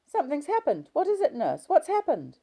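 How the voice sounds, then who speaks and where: A woman's voice: sits high, wildly swooping pitch, a little fast, dark tone, pitched above the performer's own voice, exaggerated voice. A woman voicing a frightened elderly female hospital patient in an audiobook reading.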